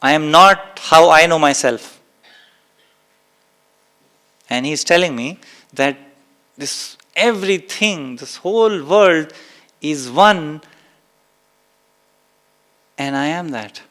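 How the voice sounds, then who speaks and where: A man gives a spiritual talk, his voice pitched high for a man. He takes his time, repeating key phrases for emphasis and now and then bursting into acted exclamations. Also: animated, takes it slowly, long pauses, a bit bright. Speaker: spiritual teacher. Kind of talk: spiritual talk to a live and online audience.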